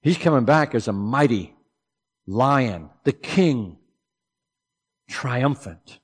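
A man preaching a sermon, swinging between loud, emphatic declarations and low, hushed asides. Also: expressive, takes it slowly, husky, in a large hall.

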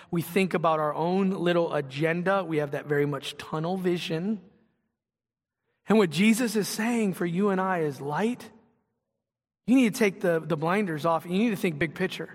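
A man's voice: high voice, fairly bright tone, long reverb tail. A man preaching a sermon as pastor, earnest and conversational, building to passionate emphasis.

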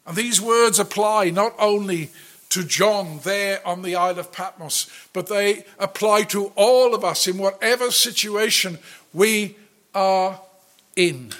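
A man preaching a sermon, earnest and deliberate, rising to loud declarations and then dropping to a near hush. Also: high voice. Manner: slow, earnest preaching that swells loud then drops very soft.

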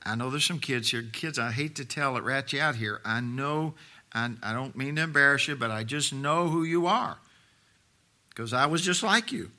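Middle-aged male pastor, very bright and forceful voice, preaching with rises and drops, homely asides. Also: normal speed. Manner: preaching with big swings in volume and pitch; homely asides with laughs to the congregation. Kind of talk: sermon.

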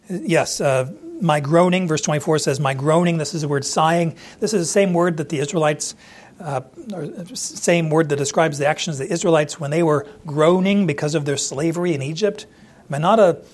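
A man's voice: fairly high pitch, brisk. A man teaching through a Bible passage verse by verse in a conversational way, acting out the quoted speakers as he goes. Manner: conversational, acts out quoted lines with restarts.

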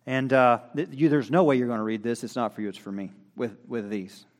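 Man preaching with big loud swings. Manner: swings from loud preaching peaks to quiet, low teaching asides; folksy, conversational preacher, reads aloud from notes. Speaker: pastor. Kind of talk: sermon.

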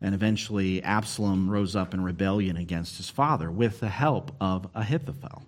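A man preaching a sermon as pastor, earnest and expressive, pushing key words up and slowing down to stress a point. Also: sits low.

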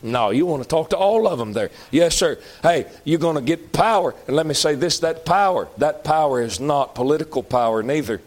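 A male pastor preaching a folksy sermon that climbs to shouting. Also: a little high, expressive, a little fast, few pauses.

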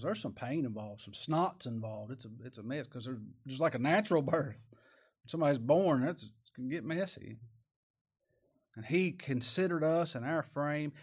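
A man preaching a sermon, reading old-style scripture and commenting in plain, folksy talk. He swings from loud emphatic peaks to low, quiet asides. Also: slightly rough. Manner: reads old-style scripture verses aloud.

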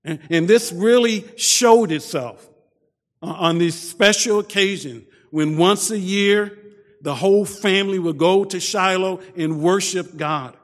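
A male preacher with a high voice speaks slowly and deliberately through a sermon. He often stumbles over his first words and sinks to a hush for emphasis. The sound carries the long reverb of a large hall. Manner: repeats words at starts, soft dramatic drops.

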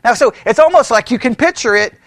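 A man teaches a Bible study in a bright, very high voice that leaps up and down as he talks. He keeps it animated, laughs often and throws questions to the group. The sound is close and dry, with no room echo. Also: fast talker.

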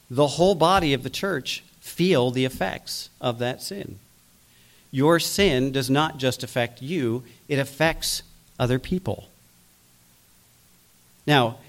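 A man preaching a sermon, acting out biblical figures' voices as he goes. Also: mid-range voice. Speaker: pastor.

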